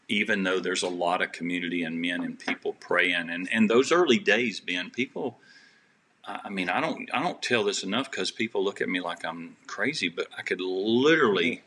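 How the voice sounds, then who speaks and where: A man's voice: low-pitched, pushed and bright. A man who is a podcast guest, telling a personal story with faith at its heart in an earnest, rambling way, with many restarts.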